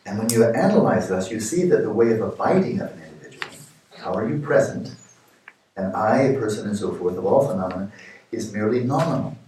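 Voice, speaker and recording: A man's voice: fairly quick, recorded from a distance, slight background noise. Older man teaching in an echoey hall. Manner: animated, playful examples, rising pitch for jokes. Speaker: meditation teacher. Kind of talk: retreat dharma talk. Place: retreat meditation hall.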